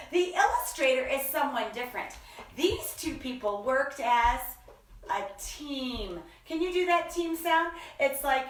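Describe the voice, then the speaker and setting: A woman hosting a children's story time, reading slowly in a playful sing-song and stretching out her words. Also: sits high, lively intonation, distant mic. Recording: echoey room, voice from off-mic.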